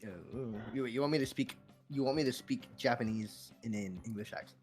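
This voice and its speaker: A man living in the UK chatting casually on a stream, hesitant, restarting his sentences and trailing off softly. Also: mid-range voice, fairly quick, soft background music. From United Kingdom. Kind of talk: casual chat.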